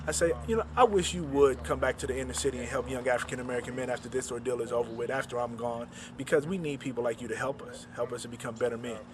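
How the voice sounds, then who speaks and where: A man, an author, recounting a personal story and retelling the dialogue in quick back-and-forth. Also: medium pitch, background noise.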